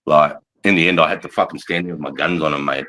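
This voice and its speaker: A man's voice: very deep voice, steady tone, quick pace, sharp tone, poor audio. A man in his forties with an Australian accent, an army veteran telling war stories in casual chat, rambling and swearing constantly with plenty of "mate" and "bro". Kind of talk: casual storytelling.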